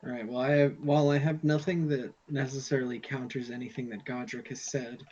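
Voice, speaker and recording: Man, player, husky, thoughtful, lo-fi mic. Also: medium pitch, little pitch movement, a little fast, darkish tone. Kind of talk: casual tabletop play.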